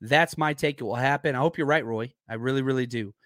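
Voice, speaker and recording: A man hosting a podcast in a casual, rambling chat, his voice hoarse and worn out. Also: mid-range voice, fast talker, fairly bright tone, no room sound, studio quality. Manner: rambling, chatty, searches aloud for names. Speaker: podcast host. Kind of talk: casual live-stream chat.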